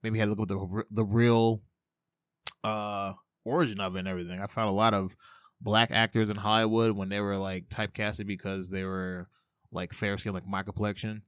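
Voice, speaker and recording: A low, flat, brisk voice comes from a young podcast host working alone, a bit bright, clear and resonant in tone. He rambles profanely and talks to himself, recorded clean in the studio with no room sound through headphones with a mic.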